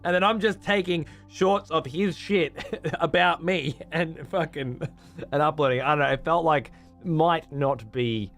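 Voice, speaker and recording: A man's voice: a little high, measured pace, a bit bright, faint music behind. A man with an Australian accent, hosting a stream in casual, profane chat and laughing often. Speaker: streamer host.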